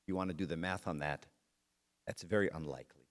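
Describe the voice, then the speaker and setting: Middle-aged man, very low voice, conversational sermon, talks directly to the audience. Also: fairly even intonation, fast talker. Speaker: speaker at a church talk. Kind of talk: sermon with a personal story.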